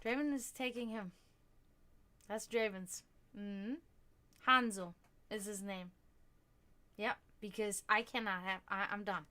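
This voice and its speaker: A woman's voice: medium pitch, steady tone, slow, pauses often, bright, forceful tone. A woman hosting a casual livestream, chatting with viewers and laughing often as she talks. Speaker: livestream host.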